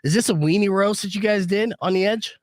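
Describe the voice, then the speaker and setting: A man's voice: high voice, quick pace, no room sound, clean studio sound. A man from New Jersey hosting a radio morning show podcast, talking in a brash, casual way and swearing freely.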